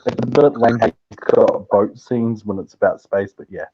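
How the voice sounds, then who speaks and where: A man's voice: lowish voice, normal speed, slightly rough. A man from New Zealand with a South Island accent, joking around as a guest in a casual online chat. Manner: jokey, playful. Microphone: phone on a video call. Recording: dull, breaking-up phone audio.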